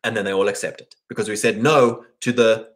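A man in a casual, rambling monologue, full of fillers and quick asides, often acting out other people in mock voices. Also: on the low side, fairly even intonation. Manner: rambling, peppered with "like" and "right?".

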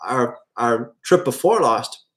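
A man's voice: medium pitch, lively intonation, slow pace. A man from South Africa with a South African accent, talking in a casual, rambling monologue full of fillers and restarts.

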